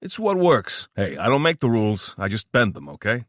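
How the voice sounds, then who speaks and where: A man's voice: mid-range voice, huge pitch swings, no echo, studio quality. A man voicing an eccentric, flamboyant weapons scientist with a New York accent who slips into a fake posh British voice. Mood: excited, brash. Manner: fast-talking, theatrical, switches to a fake posh British put-on. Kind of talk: audiobook character voice.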